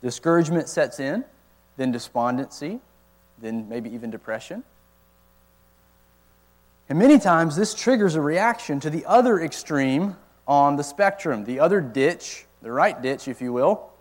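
A man's voice: on the high side, lively intonation, unhurried. Man teaching a sermon with rhetorical questions. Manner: explanatory, asks many rhetorical questions. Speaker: college ministry teacher.

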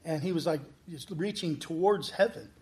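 Man, pastor, testimony storytelling, lively, slightly high voice, acts out dialogue. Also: normal speed. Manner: animated, acts out quoted dialogue.

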